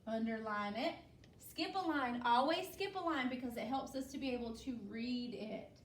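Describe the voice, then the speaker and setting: A woman's voice: a little high, normal speed, slight background noise. A woman teacher leading a spelling lesson, patient and instructive, checking in with "okay?" after each step. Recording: echoey room, voice from a distance.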